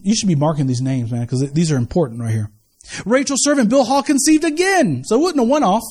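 Middle-aged male pastor, high-pitched, animated and chatty from the pulpit. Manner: animated, conversational preaching with asides and quick retellings. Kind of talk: sermon.

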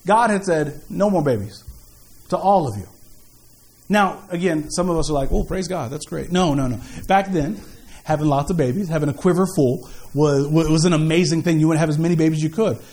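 A man preaching a sermon as pastor, in an animated, jokey, conversational way. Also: fairly high pitch, brisk. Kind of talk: sermon with storytelling.

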